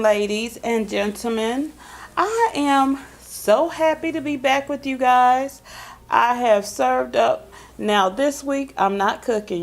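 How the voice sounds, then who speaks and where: A woman, hosting a casual, folksy chat to camera. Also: fairly high pitch. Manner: chatty, folksy, drawn-out emphasis. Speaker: vlog host.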